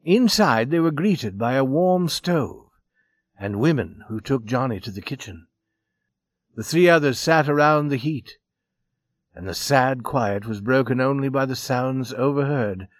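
Expressive male storybook narrator. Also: medium pitch, a little slow, no echo, studio quality. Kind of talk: storybook reading.

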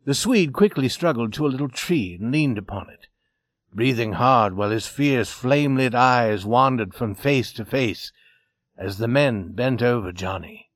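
A man reading a story aloud as narrator, steady and expressive. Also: medium pitch, unhurried, no room sound, clean studio sound.

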